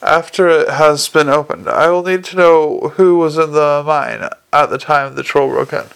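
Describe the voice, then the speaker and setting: A man playing an earnest young watch captain in an audiobook, always courteous but firm when pressed. The voice is slightly high with a gravelly grain. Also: normal speed, fairly bright tone. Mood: polite, firm.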